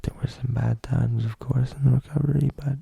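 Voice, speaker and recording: Young male podcast host, rambling profane storyteller; deep dark tone, dry close sound. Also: flat delivery, brisk, gravelly, husky, no room sound. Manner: rambling, profane, loose delivery with many fillers. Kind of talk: casual storytelling.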